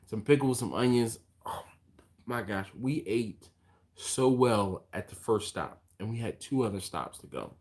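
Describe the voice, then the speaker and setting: A man hosting a barbecue channel, chatting casually on a live stream in a rambling way, yawning and tired, answering viewer comments as he goes. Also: lowish voice.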